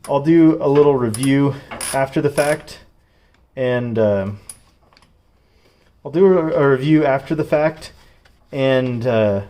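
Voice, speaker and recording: A man's voice: medium pitch, warm tone, slight background noise. A man chatting casually as he installs a part on his truck, joking along and sounding strained while he reaches into tight spots. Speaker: DIY car vlogger. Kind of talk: casual how-to commentary while working. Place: working on a truck's rear suspension.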